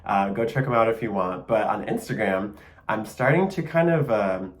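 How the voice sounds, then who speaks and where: A man's voice: on the low side, normal speed. A young man with a Michigan accent hosting a casual solo podcast, chatty and enthusiastic, with plenty of fillers and small laughs. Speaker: podcast host.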